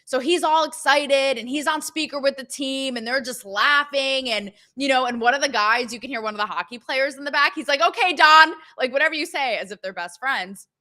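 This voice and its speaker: A young woman hosting a casual opinion show, chatty and sarcastic, with many fillers and quick asides. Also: sits high, pushed and bright. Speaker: show host.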